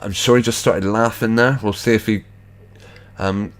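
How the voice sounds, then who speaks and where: Deep-voiced skeptical male host. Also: steady tone, moderate pace. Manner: skeptical, rambling asides with fillers. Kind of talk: casual commentary over video clips.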